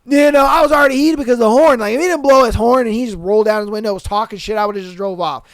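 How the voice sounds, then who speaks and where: Animated slangy podcast host, dry close mic. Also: medium pitch, very fast, no room sound. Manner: animated, profane, acts out quoted lines; slangy, repeats phrases for emphasis. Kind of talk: casual storytelling.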